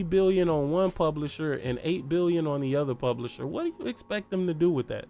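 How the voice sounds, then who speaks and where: A man with a fairly high voice rants through a solo gaming podcast. He is heated, profane and mocking, and keeps hammering at rhetorical questions. Faint music plays softly underneath. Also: lively intonation, brisk, hardly any pauses. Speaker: podcast host.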